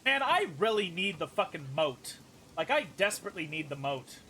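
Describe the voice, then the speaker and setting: Male streamer, bright and sharp, casual let's play chatter with faint room noise. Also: high-pitched, big pitch swings, moderate pace. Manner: casual, swearing, thinking aloud.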